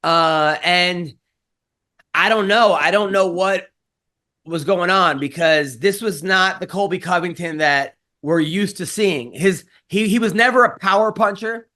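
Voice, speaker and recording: High-voiced man in casual rambling chat. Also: a little slow, pushed and bright. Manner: rambling, profane, jokey. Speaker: podcast co-host. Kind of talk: casual podcast chat with ad read.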